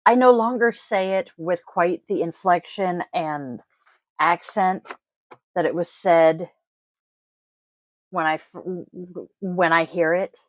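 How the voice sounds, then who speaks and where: Slow blunt woman doing her daily card reading, swears a lot, wanders off topic, dry close sound. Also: lowish voice, no echo, low-quality recording. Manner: blunt, swears freely, rambling asides. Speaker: tarot reader and host. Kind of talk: casual solo card-reading video. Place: home, family audible off-mic.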